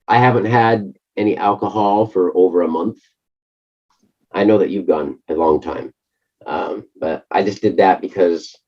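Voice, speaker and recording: A hoarse middle-aged man co-hosting a casual chat, halting often with fillers. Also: deep voice. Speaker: co-host. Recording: muffled lo-fi audio.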